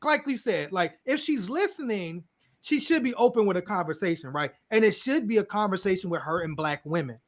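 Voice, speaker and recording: A man with a fairly high speaking voice co-hosts a podcast in a loose, conversational way. He leans on "you know" and "like" and chuckles between points. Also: lively intonation, fairly quick. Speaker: podcast co-host. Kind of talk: casual discussion.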